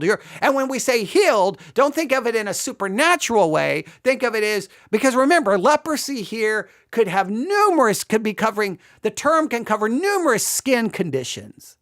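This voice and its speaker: A Bible teacher giving an exegetical study, talking in an animated way, acting out quoted lines and often restarting sentences. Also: mid-range voice. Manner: animated, acts out quoted speech, frequent restarts.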